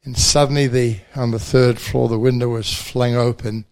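An older man from New Zealand with a New Zealand accent, a pastor telling his faith testimony at a banquet with gentle self-deprecating humor. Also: mid-range voice, little pitch movement, normal speed.

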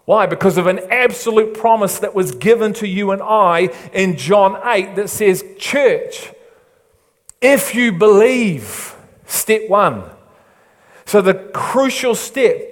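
A man's voice: high-pitched, animated, takes it slowly. A male pastor preaching with emphatic, rising delivery. His voice rings out with a long reverb tail, as if in a large church hall. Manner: emphatic preaching that drops to a hushed, soft delivery. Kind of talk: sermon.

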